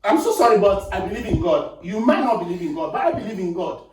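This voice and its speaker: A man with a Nigerian accent telling a story in casual podcast talk, animated and insistent when cut off. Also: sits high, fast talker. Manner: animated, insistent, talks over interruptions. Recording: echoey room, distant mic, faint noise.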